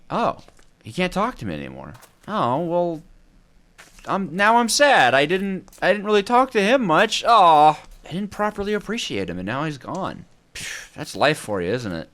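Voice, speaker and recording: A young man giving casual gameplay commentary, rambling and talking to himself as he plays. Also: on the low side. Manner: animated, rambling, talks to himself. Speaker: gameplay YouTuber.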